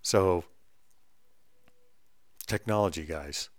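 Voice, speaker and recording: A middle-aged man ranting bluntly and with profanity, swinging between loud outbursts and low mutters. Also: very slow, dry recording, studio quality. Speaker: vlogger ranting on camera. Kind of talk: heated monologue rant.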